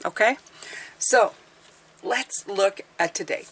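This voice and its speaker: A woman's voice: medium pitch, moderate pace, a bit bright. A woman tarot reader hosting her channel, talking in a casual, rambling, chatty way. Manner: rambling, talkative, self-deprecating.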